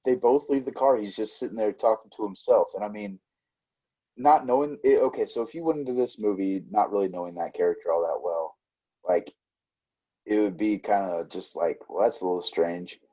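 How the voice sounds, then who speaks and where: Male podcast co-host, husky and lowish, musing casually, muffled lo-fi audio. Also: fairly quick. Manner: loose, musing, heavy with fillers. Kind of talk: casual movie podcast chat.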